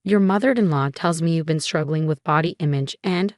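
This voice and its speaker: A woman narrator voicing a corrupt male doctor in a calm, clinical manner. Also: sits low, fairly quick, dry recording, studio quality, natural voice.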